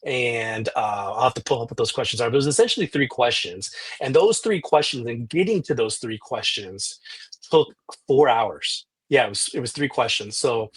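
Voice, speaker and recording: Husky guy on a podcast recounting a story, lots of restarts, acts out the dialogue. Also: medium pitch, a little fast, hardly any pauses. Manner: animated retelling with frequent restarts and quoted dialogue. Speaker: podcast guest, journalist.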